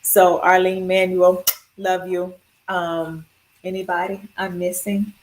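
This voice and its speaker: Heartfelt woman with a lowish voice. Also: flat delivery, slow pace, slight background noise, rough recording. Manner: heartfelt, rambling through long lists of thank-yous. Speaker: cancer survivor sharing her story. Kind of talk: personal video testimony.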